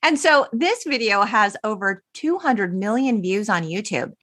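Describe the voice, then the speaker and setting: A woman hosting a podcast in casual chat, animated and giggly, acting out quotes as she talks. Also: medium pitch, unhurried, no room sound, studio quality. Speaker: podcast host.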